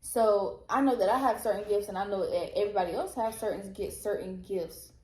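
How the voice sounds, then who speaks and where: A young woman co-hosting a casual faith podcast, telling stories in an animated, emphatic way. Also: medium pitch, a little fast. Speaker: podcast co-host. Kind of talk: casual faith testimony chat. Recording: roomy echo.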